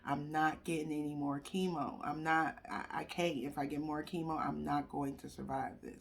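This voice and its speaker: A woman speaking candidly to her viewers in a casual personal story, animated and swinging between soft and loud. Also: sits low, moderate pace, vocal fry, slight background noise. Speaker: vlogger sharing her cancer journey.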